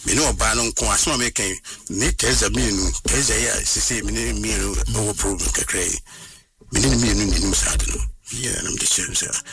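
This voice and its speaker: A man, recounting a personal story as an interview guest in an animated way and slipping into English phrases. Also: lowish voice, a little fast, distant mic, heavy background noise. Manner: animated, mixes in English phrases, acts out what others said.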